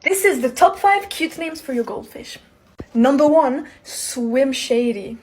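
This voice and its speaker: A woman's voice: sits high, lively intonation, measured pace, a little mellow. A woman doing a playful comedic short-video bit, counting down silly lists and giggling as she goes. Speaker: TikTok creator.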